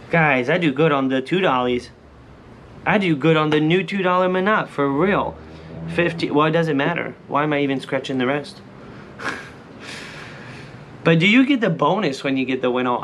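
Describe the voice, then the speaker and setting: A man hosting a lottery scratch-off vlog in excited casual commentary. He keeps calling out to his viewers and breaks into shouts and sing-song cheers when he wins. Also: mid-range voice, a little hiss or hum. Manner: shouts and sing-songs when he wins, then drops back to calm chatter.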